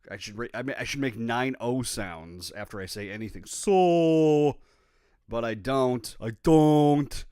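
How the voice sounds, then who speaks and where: A man's voice: medium pitch, unhurried, mellow, smooth, no room sound, clean studio sound. A man from Minnesota hosting a rambling, profane, self-deprecating solo podcast while playing guitar. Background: his own guitar playing.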